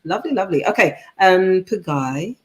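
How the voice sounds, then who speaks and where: Cheerful woman reading viewer shout-outs. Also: lowish voice, animated, normal speed, highs cut off, a loud crowd. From United Kingdom. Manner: cheerful, reading out viewer messages, laughing often. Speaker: co-host, pastor's wife. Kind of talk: live-stream church talk.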